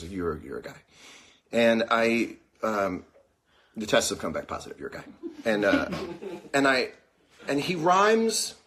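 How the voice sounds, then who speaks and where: A man hosting a casual livestream, rambling and joking through a monologue with a sore mouth. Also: fairly low pitch. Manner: rambling, jokey and animated. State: sore mouth after dental problem. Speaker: host. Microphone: phone.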